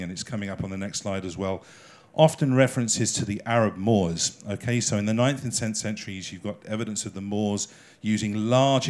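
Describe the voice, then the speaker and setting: A man with an English accent delivers a relaxed lecture to a live audience, pointing at his slides as he goes. His voice sits slightly on the low side. He keeps it conversational, with little jokes and frequent checks with the room. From England. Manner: chatty, jokey, asks the audience questions. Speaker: cruise ship enrichment lecturer.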